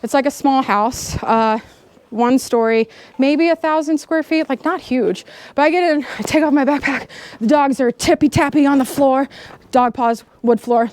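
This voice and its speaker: A woman in her thirties giving a storytelling keynote speech, animated, laughing often and acting out the people in her story. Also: high voice, normal speed. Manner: animated, laughing, acts out dialogue. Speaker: keynote speaker. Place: outdoor camp gathering.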